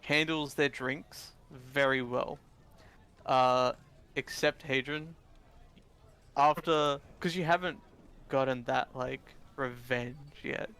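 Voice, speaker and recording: A man narrating a tabletop game as dungeon master, casual and halting, restarting his sentences often. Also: mid-range voice, fairly even intonation, pushed and bright, smooth.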